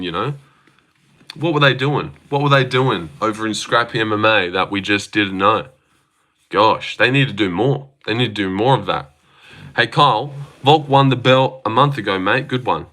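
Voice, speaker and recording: An Australian man chatting casually on a live stream, excitable and swearing freely as he answers chat comments aloud. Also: lowish voice.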